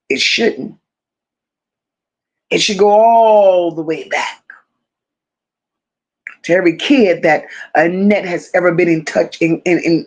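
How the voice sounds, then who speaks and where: A woman whose voice is on the low side and a little mellow hosts a live stream. She reads comments from viewers and replies to them, taking it slowly, repeating phrases for emphasis, and treating the audience like close friends.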